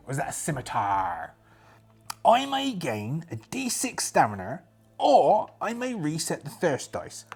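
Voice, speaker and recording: Chatty man with a lively voice. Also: husky. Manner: chatty, self-mocking asides, jumping pitch. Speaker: solo game player and narrator. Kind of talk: narrating a solo tabletop game.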